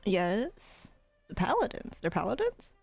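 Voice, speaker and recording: A woman's voice: mid-range voice, wildly swooping pitch, a little slow, creaky, a little mellow, no room sound, soft background music. A woman playing a tabletop game, chatting in a playful, giggly way. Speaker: player. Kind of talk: casual tabletop play.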